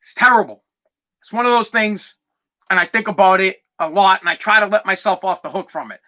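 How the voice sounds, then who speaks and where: Bright, high-voiced man near tears. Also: a little fast. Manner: candid, rambling, heavy swearing. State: close to tears. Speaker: podcast host. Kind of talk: emotional personal story.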